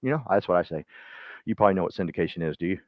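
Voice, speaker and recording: Man, folksy team pep talk, animated, dry and dull lo-fi sound, mid-pitched voice. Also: racing, dry recording. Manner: folksy and animated, speaks straight to listeners by name. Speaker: real estate team speaker.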